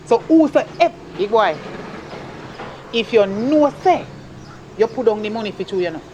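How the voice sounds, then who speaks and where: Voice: mid-range voice, expressive, darkish tone, lo-fi sound, slight background noise, close to an everyday voice. Performer playing a bossy Jamaican mother. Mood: scolding. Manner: scolding, bossy, rapid patois. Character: stern broke Jamaican mother scolding her son. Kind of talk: comedy skit acting.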